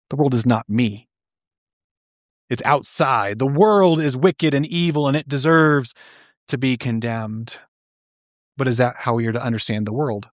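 A man preaching a sermon in an earnest, questioning way, explaining slowly and restarting phrases. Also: on the high side, no room sound, studio quality. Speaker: pastor.

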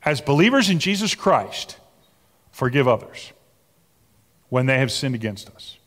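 Slow, animated pastor in a reverberant hall. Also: male voice, medium pitch. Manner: slow, emphatic, rising to animated exclamations. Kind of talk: sermon. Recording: long reverb of a large hall.

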